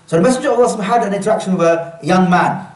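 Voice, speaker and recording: Man, workshop speaker, earnest, quizzes the audience, high voice, echoey room, mic some way off. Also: lively intonation, racing, a little mellow, far from the mic. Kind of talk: religious workshop talk.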